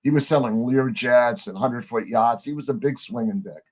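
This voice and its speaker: A man's voice: medium pitch, normal speed. Man telling stories, acting out every voice. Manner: animated storyteller acting out quoted voices. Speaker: podcast guest. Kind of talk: conversational storytelling.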